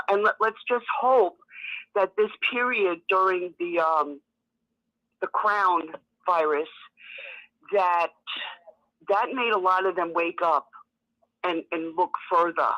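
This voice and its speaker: Calling in to a talk show, a woman with a New York accent tells a story chattily over a muffled telephone line. Her voice is medium-pitched and her pace measured.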